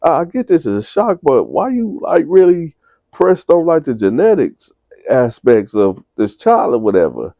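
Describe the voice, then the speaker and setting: A man's voice: on the high side, huge pitch swings, normal speed, creaky, dry recording, pitched above the performer's own voice, exaggerated voice. A man voicing a puzzled doctor asking pointed questions, over a tinny phone-like recording.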